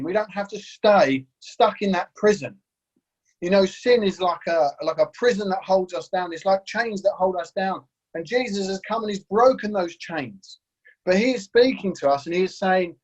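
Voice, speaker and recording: Enthusiastic pastor preaching a sermon. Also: male voice, sits high, normal speed, lo-fi sound. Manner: earnest, enthusiastic preaching with frequent rhetorical questions.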